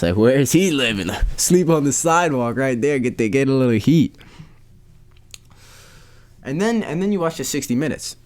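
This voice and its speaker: A man's voice: medium pitch, a little mellow. Rambling incredulous male podcaster. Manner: rambling, repeats phrases, incredulous. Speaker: podcast host. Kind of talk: casual solo podcast rant.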